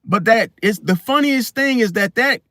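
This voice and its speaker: Speaking casually as host of an astrology video, a man rambles in slang and keeps restarting his sentences. His fairly high male voice is expressive, bright and forceful, moving at a moderate pace. The sound is close and dry, with no echo.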